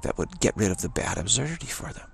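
A man telling a rambling spiritual story in a halting way, often repeating words and restarting. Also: medium pitch, very animated, creaky, a little hiss or hum.

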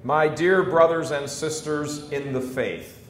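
An American man in his fifties gives an emphatic preaching talk to a live audience. He swings between loud declarations and quiet storytelling. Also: slow pace. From United States. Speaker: Catholic speaker addressing an audience. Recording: echoey room, faint low rumble.

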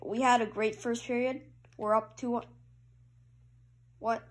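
A woman commentating her own hockey video game match, calling plays and cheering loudly at goals. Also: takes it slowly. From Canada. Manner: excitable play-by-play, jumps to loud high cheers at goals. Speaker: gamer.

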